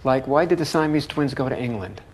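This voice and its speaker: A blunt, impatient nightclub owner from a film drama, played by a man, hammering his point home by repeating his words. His voice sits at an ordinary middle pitch, with a faint hiss of noise behind it. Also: lively intonation, a little fast, natural voice.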